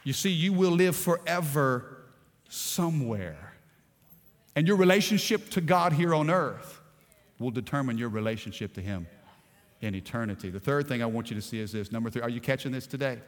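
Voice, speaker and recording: A male pastor preaching a sermon, moving from quiet storytelling to emphatic, rising preaching. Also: mid-range voice, lively intonation, moderate pace, long reverb tail.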